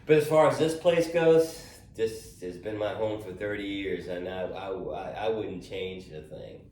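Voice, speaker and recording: A man's voice: on the low side, measured pace, darkish tone. A middle-aged man, a golf caddie, telling stories in a casual interview, stopping and restarting often with repeated words. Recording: roomy sound, voice from far off, faint noise.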